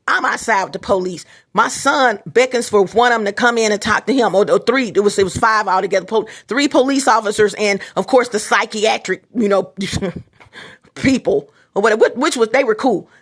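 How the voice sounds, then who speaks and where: A woman's voice: fairly high pitch, a bit bright. A middle-aged woman vlogging in a casual, rambling monologue, repeating herself and talking straight to her viewers. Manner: repetitive, restarts often, talks straight to viewers.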